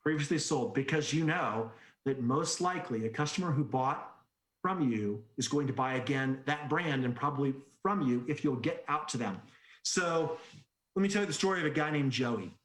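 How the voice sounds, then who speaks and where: A man giving an energetic sales-training presentation, telling stories and asking rhetorical questions. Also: medium pitch, moderate pace. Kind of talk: conference presentation. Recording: echoey room.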